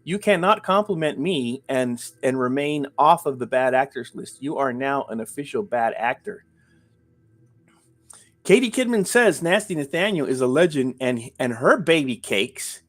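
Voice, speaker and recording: A man's voice: medium pitch, big pitch swings, normal speed, fairly bright tone. A man hosting a live stream, ranting emphatically with repeated phrases and joking banter with chat. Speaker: livestream host. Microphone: webcam framed at the beard.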